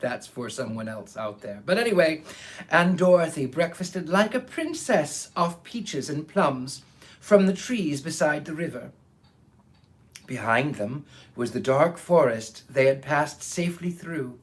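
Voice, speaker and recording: He's the host of a live storytelling stream, speaking at a measured pace with lively intonation and a voice on the high side. He chats theatrically with the audience, greeting each viewer by name, and then reads a book aloud.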